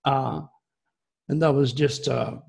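A man telling a personal story in a rambling, excitable way, with many restarts. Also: medium pitch, slow pace, vocal fry. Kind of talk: casual storytelling.

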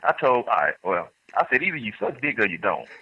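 A man's voice: on the low side, big pitch swings, a little fast. A man calling in to a talk show, telling a rambling story with restarts and bursts of laughter. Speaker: caller. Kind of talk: call-in storytelling. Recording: dull lo-fi phone line.

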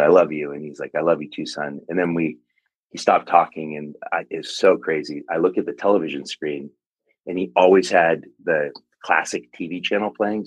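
Very deep-voiced, husky man. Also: dry recording, low-quality recording. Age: 40s. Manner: earnest, reflective, halting with restarts. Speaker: pastor and author. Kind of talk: personal storytelling in an interview.

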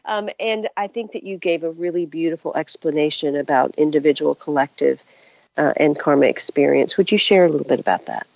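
Low-voiced, measured woman interviewer. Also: gravelly, a little mellow, no room sound, highs cut off. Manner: measured and reflective, with fillers. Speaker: interview host. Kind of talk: podcast interview.

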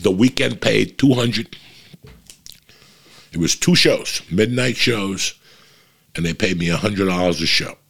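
Guy comedian on his podcast, real low gravelly voice, cursing nonstop while he tells a story. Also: a little slow, long pauses, a bit bright. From New Jersey. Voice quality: raspy. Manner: blunt and heavily profane, restless and swearing as he tells it.

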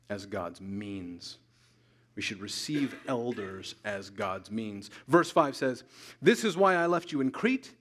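A man preaching a sermon as pastor, emphatic, repeating key lines slowly for weight. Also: medium pitch. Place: church sanctuary.

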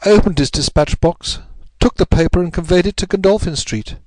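A man's voice: high voice, fairly quick, darkish tone, dry recording, voice pushed up, close to an everyday voice. Man reading as a frightened noblewoman confessing. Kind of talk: audiobook reading of a classic story.

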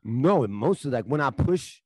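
A man telling loose, profane stories in casual chat, getting loud and laughing as he goes. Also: mid-range voice, moderate pace, husky, dry recording. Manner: profane, animated storyteller, laughs at his own stories.

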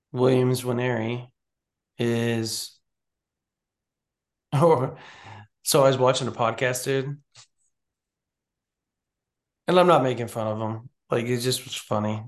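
A man's voice: mid-range voice, slow, long pauses. A man co-hosting a recruiting podcast, chatting casually and animatedly, often restarting his sentences. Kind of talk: casual sports chat.

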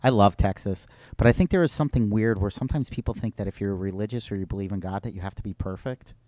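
Low man, casual host chat, reactive quips, dry close sound. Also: fast, dark tone, no echo.

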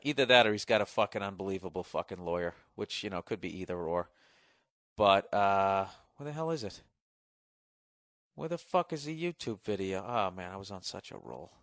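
A podcast host rants profanely and rambles through a solo comedic talk show, repeatedly cutting himself off and mocking others in raised voices. His medium-pitched, slightly bright voice sounds sore. The recording is studio quality with no room sound.

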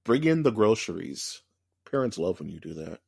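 This is a man co-hosting a podcast who talks in an animated, opinionated way, his pitch swinging widely as he rants. His voice has a husky, slightly raspy grain. The sound is dry and close, with no room around it. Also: normal speed, dry recording. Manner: animated, opinionated ranting with many fillers. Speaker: podcast co-host. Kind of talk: casual chat.

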